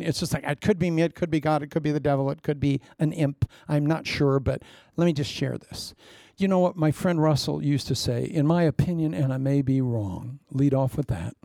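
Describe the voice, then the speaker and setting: An older male pastor with a gravelly, slightly raised voice tells jokey, self-mocking sermon stories. His delivery is dry and close, with little room sound, and he acts out the people he quotes. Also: a little high, dark tone, no room sound. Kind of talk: humorous storytelling sermon.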